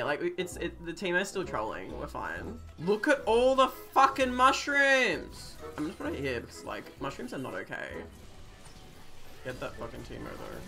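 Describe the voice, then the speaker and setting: A young woman in her twenties streaming a game, swinging from low muttered commentary to shrieking apologies. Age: 20s. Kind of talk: live gameplay commentary.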